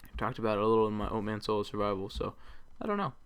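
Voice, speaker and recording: A man with a lowish, smooth and clear voice talks casually through his gameplay as a let's play host. He rambles along and fills the gaps with plenty of ums and uhs. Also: rapid-fire.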